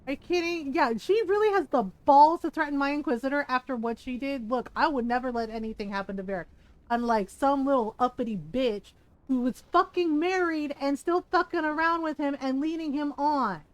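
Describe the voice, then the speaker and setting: A woman's voice: sits high, a little fast. A woman streamer giving casual, profane, mock-outraged commentary while playing a video game.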